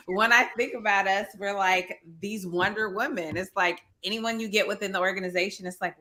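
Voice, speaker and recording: A woman sales coach talking in an animated way and laughing easily during a live online chat. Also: mid-range voice, a little fast, few pauses.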